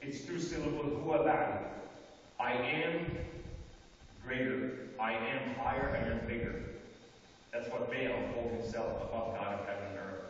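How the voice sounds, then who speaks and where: A man's voice: medium pitch, a little slow, a little hiss or hum. A man giving an emphatic, repetitive preaching talk to an audience, recorded on a phone from the audience in a large hall. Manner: emphatic, repetitive, rising and falling in force. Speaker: speaker addressing an audience. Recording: dull, distant, echoey hall phone recording.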